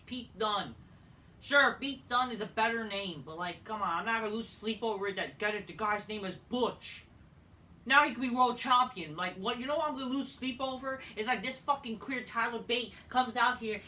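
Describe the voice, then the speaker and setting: A man reviewing a wrestling show in a profane, exasperated rant, full of rhetorical questions, swinging from loud outbursts to flat mutters. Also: very high-pitched, moderate pace. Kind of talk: ranting solo show review. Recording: distant mic, faint background noise.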